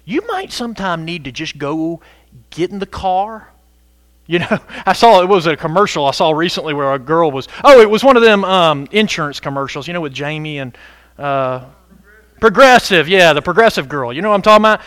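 Man, pastor, lively sermon, swooping intonation, dry close sound, sudden shouts. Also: on the high side, brisk, dry recording. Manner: animated and conversational, bursts into shouts for emphasis.

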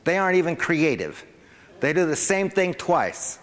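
A man preaching a sermon to a congregation, animated, with a rising pitch whenever he acts out an excited parent. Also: normal speed. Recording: long hall reverb.

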